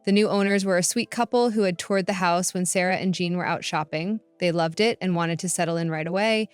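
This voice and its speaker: A woman's voice: fairly low pitch, brisk, smooth, dry recording. A woman reading a first-person story in a matter-of-fact narration. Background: faint background music.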